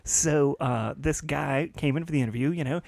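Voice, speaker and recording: A man on a comedy podcast telling a long story with lively energy and laughing at his own punchlines. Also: on the high side, moderate pace, vocal fry, dry recording. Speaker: podcast co-host. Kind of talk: casual storytelling.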